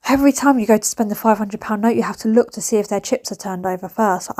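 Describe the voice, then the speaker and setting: A woman's voice: mid-range voice, fast, hardly any pauses, a little mellow. A woman, chatting casually and rambling through a home vlog with laughing asides. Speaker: vlogger. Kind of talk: casual chat.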